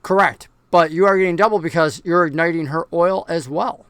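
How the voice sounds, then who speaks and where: A man narrating and explaining rules as game master of a tabletop game, relaxed and patient. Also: a little high, a little fast, smooth, dry recording.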